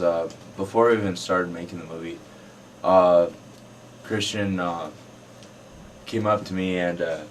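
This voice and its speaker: A man, an actor, telling stories from a film shoot in a casual way, with frequent uhs. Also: low voice. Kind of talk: casual anecdote. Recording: distant mic, faint hiss.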